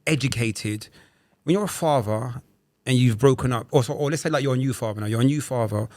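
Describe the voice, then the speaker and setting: A man's voice: mid-range voice, a little fast, darkish tone, no echo. A man talking in casual podcast chat as a guest, emphatic and always checking the listener is with him. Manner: emphatic, keeps checking in with "right?".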